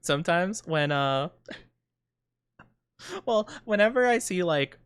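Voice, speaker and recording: A man's voice: high voice, animated, slow, clean tone. A man chatting casually on a live stream, giggling often and answering his chat.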